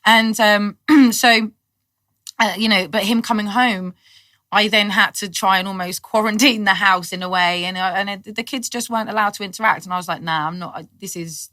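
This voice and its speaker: A woman's voice: medium pitch, fairly even intonation, moderate pace, sharp tone, dry recording. A middle-aged woman, a podcast guest speaking frankly and earnestly, explaining things at length. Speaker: podcast guest, cannabis activist. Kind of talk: casual interview chat.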